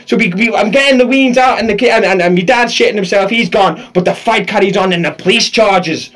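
High-pitched male podcast host, animated comic storyteller who laughs through his tales. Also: fast talker, few pauses.

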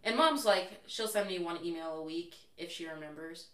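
In a fairly low voice at normal speed, a young adult woman guesting on a casual chat shares candid stories, voicing what people said in an animated way. There's a roomy echo, and she sounds distant from the mic.

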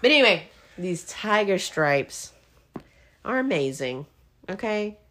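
A woman's voice: medium pitch, slow. A woman, hosting a casual chat and telling a comic story, often checking in with "okay?". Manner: animated, keeps checking in with "okay?". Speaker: podcast host.

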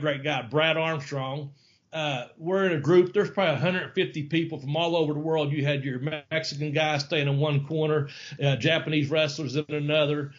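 Male podcast host, rambling and profane, pitched a bit high, dull lo-fi audio. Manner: profane, rambling, laughs often. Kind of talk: casual storytelling.

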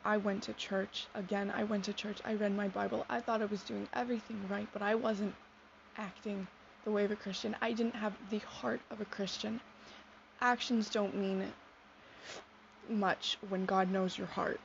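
A young woman in her teens sharing a personal faith testimony in a sincere, soft-spoken, reflective way. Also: medium pitch, fairly even intonation, normal speed, vocal fry. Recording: dull lo-fi sound with faint noise.

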